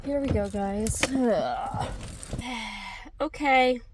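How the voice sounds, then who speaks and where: A woman's voice: sits high, drawn-out words, very noisy. Chatty young woman vlogging on her phone. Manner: anxious, chatty, self-reassuring. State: numb mouth after dental work, slurred. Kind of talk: casual vlog talk to camera. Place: in a car and outdoors in snow.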